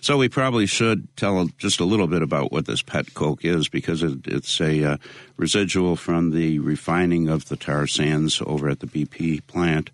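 A man being interviewed, speaking in a measured way with many pauses and fillers. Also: a bass voice, dry recording. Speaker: interview guest, local activist. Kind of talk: conversational interview.

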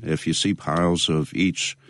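A man being interviewed, speaking in a measured way with many pauses and fillers. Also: extremely low pitch, steady tone, fairly bright tone, no echo, clean studio sound. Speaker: interview guest, local activist. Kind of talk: conversational interview.

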